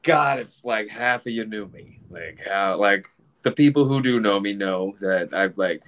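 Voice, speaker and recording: A middle-aged man in casual conversation, rambling and swearing freely as he plays out remembered arguments in quick bursts of voices. He laughs often, and his voice sits a touch low. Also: a bit bright. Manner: rambling, profane, laughs often, acts out quoted exchanges. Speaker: comedian, group admin. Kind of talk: casual podcast chat.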